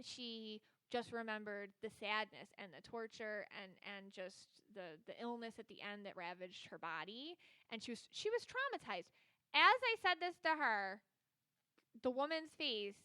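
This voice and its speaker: This psychic reader's solo podcast features her slightly high, expressive voice, bright and pushed yet smooth, at a measured pace. She chats loosely and meanders, leaning on lots of fillers, with no echo in the audio.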